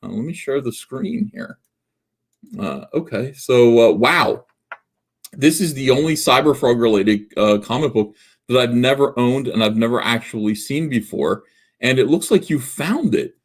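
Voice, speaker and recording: A man's voice: medium pitch, lively intonation, measured pace. Rambling self-mocking man hosting a livestream. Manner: rambling, self-mocking, full of filler words and restarts. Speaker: livestream host. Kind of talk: casual livestream chat, reading viewer comments.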